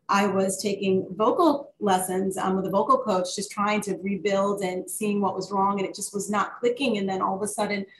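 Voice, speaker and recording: A woman author and worship leader recounts her story in a relaxed interview. Her delivery is animated, circling back with fillers and restarts. The sound is roomy with a faint background hiss. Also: mid-range voice. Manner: animated, many fillers and restarts, warm testimony. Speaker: author guest. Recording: echoey room with faint noise.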